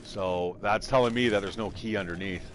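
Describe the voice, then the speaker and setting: A man's voice: fairly low pitch, moderate pace, slight background noise. A man casually commentating his game live, rambling, thinking aloud and swearing freely. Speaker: game streamer.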